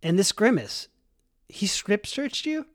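A man's voice: high-pitched, sing-song, slow, no echo, clean studio sound, voice pushed up, exaggerated voice. A man voicing a slick, pushy male TV news reporter in a personal story. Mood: probing.

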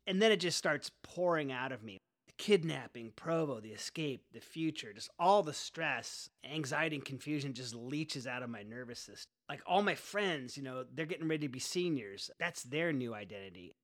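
A man's voice: on the high side, animated, moderate pace, pushed and bright. A young man telling a personal story in a laid-back, slangy, wry way. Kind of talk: first-person storytelling monologue.

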